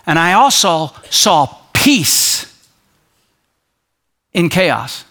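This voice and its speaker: A male pastor preaching a sermon, animated, acting out quoted voices and dropping to a soft low voice for emphasis. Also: extremely slow.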